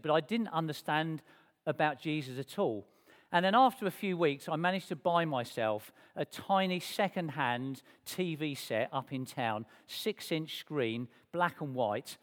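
A man telling his life story to a church congregation in a lively, self-mocking way, acting out the dialogue. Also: on the high side. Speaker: speaker sharing his testimony to a church congregation. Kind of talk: personal storytelling. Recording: long reverb of a church hall.

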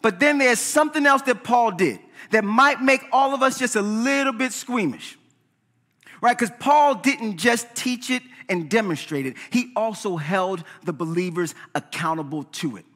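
High bright voice, guy preaching a lively sermon, echoes around the hall. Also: normal speed. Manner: animated preaching, asks "right?" often. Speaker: pastor. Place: church sanctuary.

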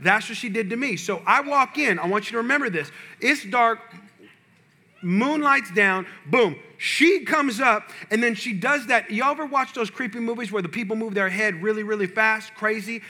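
A male pastor preaching a sermon, telling a personal story with animated, humorous delivery to his congregation. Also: sits high, moderate pace.

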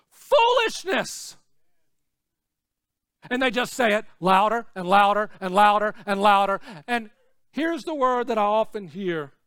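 High-voiced preaching man, hushed to shouting. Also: clear, resonant tone, no echo, studio quality. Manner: swings between hushed, low asides and shouted, repetitive preaching. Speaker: pastor. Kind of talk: sermon.

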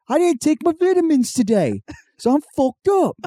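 A man putting on a shrill crude mock-British baker. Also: big pitch swings, slow, dark tone, dry recording, clean studio sound, heavily acted. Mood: rowdy. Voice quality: high-pitched, swearing constantly. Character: crude foul-mouthed British man baking a cake.

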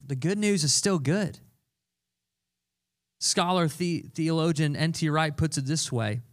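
A man's voice: fairly high pitch, fairly bright tone. A young adult man preaching a sermon, earnest and conversational, repeating key phrases for emphasis. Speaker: pastor.

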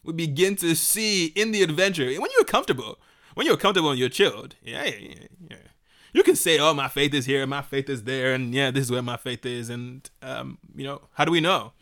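A man retells a Bible story with lively animation, often laughing and performing the voices of its characters. His mid-range voice moves at a brisk clip.

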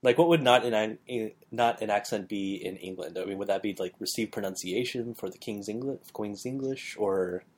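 Midwest guy, fairly low voice, easygoing, says "like" a ton. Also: moderate pace, few pauses, slight background noise. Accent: flat Midwestern American. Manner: relaxed, rambling, lots of fillers like "like". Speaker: podcast co-host. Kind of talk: casual conversation.

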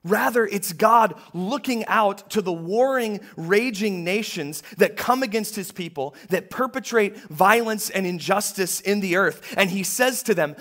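Male pastor preaching, a touch higher-pitched, conversational, with dips to a hush and rises to emphasis. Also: a little slow, hardly any pauses. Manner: conversational preaching, swinging between hushed and emphatic. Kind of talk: sermon. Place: church.

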